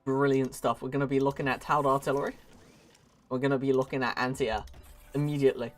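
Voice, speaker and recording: A man's voice: medium pitch, flat delivery, quick pace. A young man giving casual, jokey commentary while playing a strategy game, full of chatty self-mocking asides. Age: young adult.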